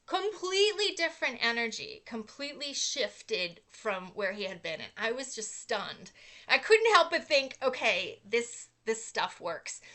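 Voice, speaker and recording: A middle-aged woman hosting a casual inspirational talk, telling a personal story earnestly, with fillers. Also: fairly high pitch. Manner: earnest storytelling with fillers, animated when acting out quotes. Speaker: host.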